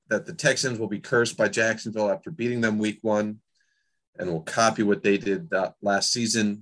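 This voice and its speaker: A man's voice: fairly low pitch, fairly bright tone. A man co-hosting a casual sports podcast, laid-back and wry, with many fillers. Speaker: podcast co-host.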